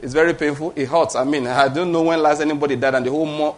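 A man's voice: fairly high pitch, racing, hardly any pauses. A middle-aged man with a Nigerian accent preaching a sermon, emphatic and conversational, often checking in with his congregation. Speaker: pastor.

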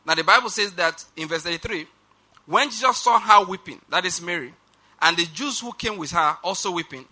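A man preaching a sermon in a high, sharply bright voice. He slows right down and leans on each word of scripture, then rushes through his asides and calls on the congregation to repeat after him. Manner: emphatic, slows down for quoted scripture.

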